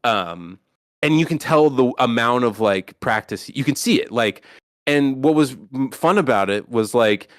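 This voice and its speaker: A man co-hosting a podcast, talking casually in a rambling, profane, animated way with lots of restarts. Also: mid-range voice, a little slow, dry recording, studio quality. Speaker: podcast co-host.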